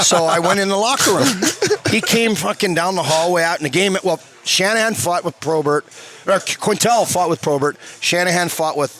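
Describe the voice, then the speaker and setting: Brief: ex-player in his fifties, salty storyteller, bright forceful voice, sits a bit high. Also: a little fast. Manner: animated, swears a lot, acts out quotes. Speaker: former hockey player, guest. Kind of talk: profane storytelling in a casual interview. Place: bar.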